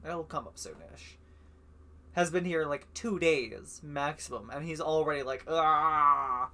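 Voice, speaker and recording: A man's voice: fairly high pitch, lively intonation, unhurried. A man streaming a story game live, talking in a chatty, rambling way with frequent swearing. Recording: guitar music playing underneath.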